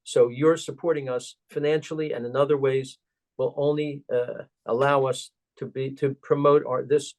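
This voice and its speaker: A man's voice: mid-range voice, steady tone, darkish tone. Older man telling anecdotes with fillers. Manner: anecdotal, chuckling, halting with fillers. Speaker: guest, organization president. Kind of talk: storytelling interview.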